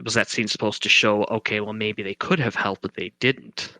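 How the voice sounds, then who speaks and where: Bright-voiced man in casual podcast chat. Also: fairly low pitch, steady tone, moderate pace, no room sound. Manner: thoughtful, asks questions, many restarts. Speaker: podcast co-host. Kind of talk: casual chat about a film.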